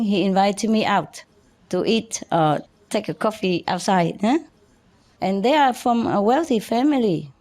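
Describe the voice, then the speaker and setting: A woman's voice: medium pitch, mellow. Laughing woman telling stories. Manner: halting, many restarts and chuckles. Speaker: spiritual teacher. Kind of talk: personal storytelling to an audience.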